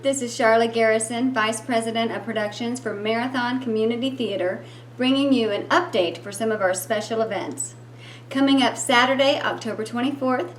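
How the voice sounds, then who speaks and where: A woman with a fairly high voice reads out upcoming theater events, dates and phone numbers in an upbeat way. The room is echoey and a faint hum sits under her voice. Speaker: theater production vice president. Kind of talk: event announcement.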